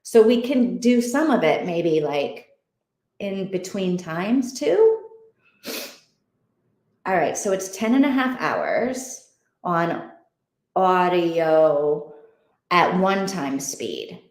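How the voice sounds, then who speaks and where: A woman's voice: on the low side, big pitch swings, very slow, pauses often, darkish tone. Rambling woman host, echoey room. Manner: rambling, thinking aloud with many fillers. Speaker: host of an online reading group. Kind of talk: casual livestream chat.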